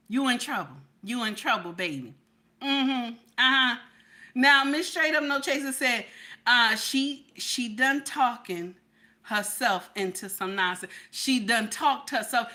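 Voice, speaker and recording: A middle-aged woman hosting a casual livestream chat, with a fairly high, bright and sharp voice. She talks to her viewers in an animated, playful way, laughs often and keeps checking in with "okay?". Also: unhurried. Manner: animated and playful, repeating herself with frequent "okay?". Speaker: livestream host.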